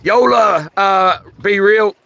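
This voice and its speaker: A man talks slowly and loosely into his phone while fishing at night, pausing often as he hunts through chat messages. His voice sits fairly high and bright, with a slightly rough, tired edge to it. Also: no room sound. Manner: rambling, halting, reads chat comments aloud. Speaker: livestream host. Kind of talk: casual livestream chat. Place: outdoors on a rock by the water at night.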